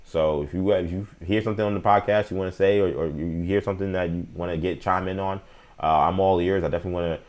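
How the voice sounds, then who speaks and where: Low-voiced man hosting sports talk. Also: darkish tone. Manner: opinionated, talks straight to chat viewers; frequent fillers and restarts, slangy. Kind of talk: casual live-stream sports talk.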